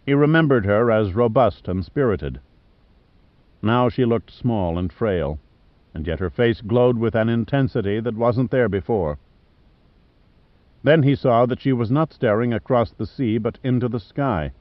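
Here a male audiobook narrator with a mid-range voice reads an adventure novel in an even, measured storytelling way. There's no room sound in the dry studio, though the audio is slightly muffled.

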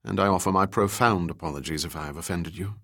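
Man doing a courtly middle-aged gentleman. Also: deep voice, fast talker, pitched below the performer's own voice. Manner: formal, courtly phrasing. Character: tall middle-aged gallant gentleman, baroque speech.

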